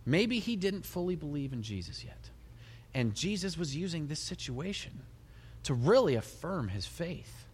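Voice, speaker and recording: A middle-aged male pastor preaching a sermon in a large hall, his voice ringing with a long reverb. He tells the story in an animated way, his pitch swinging widely, with soft laughs between lines. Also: normal speed, slightly rough.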